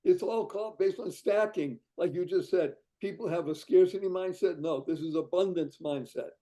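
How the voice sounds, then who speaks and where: A man's voice: high-pitched, moderate pace, mellow. A man from Boston, a guest on an interview show, talking up his fundraising idea with exuberant, salesy enthusiasm and frequent laughs. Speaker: guest, founder of a charity fundraising site.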